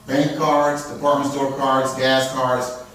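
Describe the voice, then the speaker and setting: A man teaches a live credit repair class at a slow, level pace, his medium-pitched voice slightly bright. After nearly every point he checks in with "okay?" or "all right?" The recording is far off in a very echoey room, with a faint hiss or hum.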